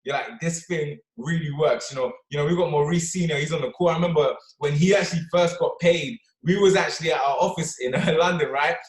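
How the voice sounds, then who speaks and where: A man giving an energetic motivational talk on a team call, punctuating his points with "right?" and "okay?". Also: fairly high pitch, fast talker, few pauses. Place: office or London. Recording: echoey room.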